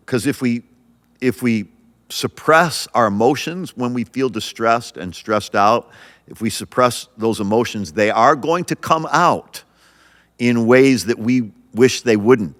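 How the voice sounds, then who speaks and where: A man's voice: on the low side, a bit bright, big-room sound. A male pastor hosting a podcast, talking earnestly and encouragingly, often restarting his sentences. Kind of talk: podcast sermon.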